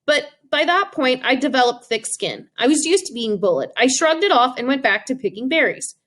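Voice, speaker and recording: A woman narrating an audiobook with expressive storytelling. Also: high voice, brisk.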